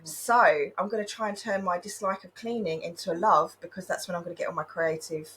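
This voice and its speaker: A woman's voice: lowish voice, a little fast, a bit bright, a little hiss or hum, poor audio. A woman in her thirties co-hosting a podcast, earnestly sharing ideas and tips in casual chat. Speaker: podcast co-host.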